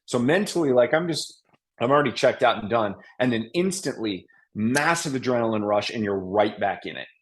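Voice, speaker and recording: A man guesting on a podcast, telling a hunting story in a casual, animated way with frequent restarts and fillers. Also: mid-range voice, normal speed.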